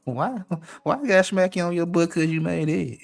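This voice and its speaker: A man's voice: high voice, expressive, a little fast, vocal fry, soft background music. A man in a casual live-stream chat, bantering in a laid-back, joking way.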